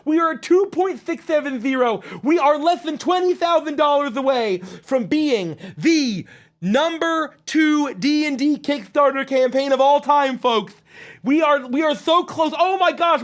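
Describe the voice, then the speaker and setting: A man putting on a goofy clown character with a put-on accent, hosting a livestream in an excitable, loud way. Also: very high voice, moderate pace, voice pushed up. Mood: gleeful. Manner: excitable and loud, with shrieking exclamations. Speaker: livestream host.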